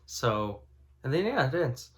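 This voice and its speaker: A man's voice: mid-range voice, sing-song, measured pace. A man giving a casual spoken book review, rambling and filling his talk with "you know" and "like".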